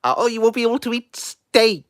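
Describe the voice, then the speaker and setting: Excitable Welsh man reacting live. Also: very high-pitched, a little fast, smooth, no echo, studio quality. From Wales. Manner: excitable, jokey, self-mocking. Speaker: book reviewer. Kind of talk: live reaction, casual chat.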